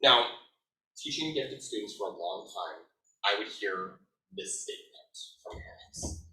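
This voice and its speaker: A man in his thirties presenting to an audience in a casual, animated way, his bright voice swinging widely in pitch. He sounds a little away from the microphone in a reverberant room. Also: a little slow. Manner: conversational, animated, lots of "like". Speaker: educator presenter. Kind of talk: conference presentation. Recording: echoey room, mic at a distance.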